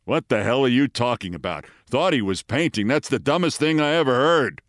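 A man doing the voice of a cranky older man with a Brooklyn accent, blunt, sardonic and gravelly, pitched well above his own voice. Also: expressive, brisk, dry recording, clean studio sound, lightly acted. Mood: scornful.

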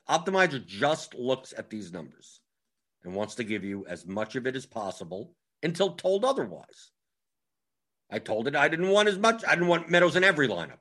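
On a fantasy sports strategy show, a male analyst host explains things in a rambling, casual way, often repeating himself. His voice is on the high side with a sharp tone.

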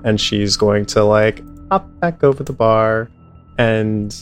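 A man's voice: on the low side, slow, soft background music. A man playing a tabletop game, describing his character and speaking as her, rambling with many fillers. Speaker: player.

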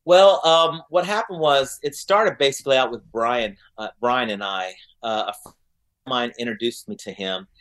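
A man's voice: mid-range voice, normal speed, a bit bright. A man with an Oklahoma accent telling stories in a casual interview, rambling with lots of fillers and acting out what people said. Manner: rambling, many fillers, acts out quotes. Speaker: guest singer.

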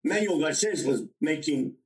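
A man in his sixties, a podcast guest telling his story in an animated way and acting out the dialogue himself. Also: fairly high pitch, unhurried, recorded from a distance, rough recording. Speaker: interview guest.

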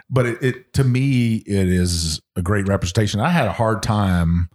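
A man's voice: lowish voice, expressive, unhurried, darkish tone. A man co-hosting a podcast in casual chat, enthusiastic and rambling, with lots of ums. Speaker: podcast co-host.

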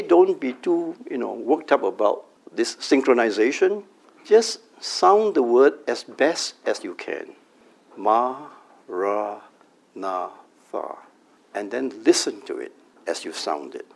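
Calm, gravelly middle-aged meditation teacher. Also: male voice, medium pitch. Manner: calm, measured teaching with slow, drawn-out mantra chanting. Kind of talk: meditation workshop talk. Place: company workshop room.

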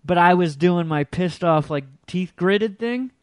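Casting: male podcast host, slightly high voice, dry close sound, loose rambling storyteller who swears freely. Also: expressive, a little slow, clean tone, no room sound. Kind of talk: casual chat.

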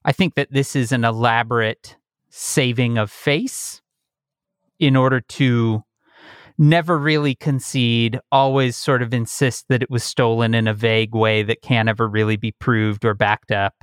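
A man co-hosting a casual comedy chat about politics, mocking and animated, who keeps slipping into silly put-on voices. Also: mid-range voice, unhurried, clear, resonant tone, no room sound, studio quality. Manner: animated, mocking, breaks into silly shouted impressions. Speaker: podcast co-host.

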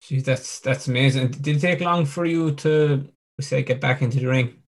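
Male host, medium pitch, casual interview, short reactions, easy questions. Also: fairly even intonation, moderate pace. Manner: brief reactions, easygoing questions.

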